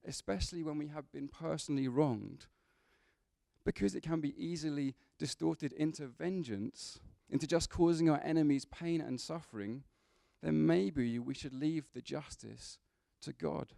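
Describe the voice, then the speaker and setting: Man, sermon, conversational, joking asides, gravelly, mellow tone. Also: fairly high pitch, normal speed, dry recording, studio quality. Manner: conversational, with asides and humor to the congregation. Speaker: preacher. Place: church.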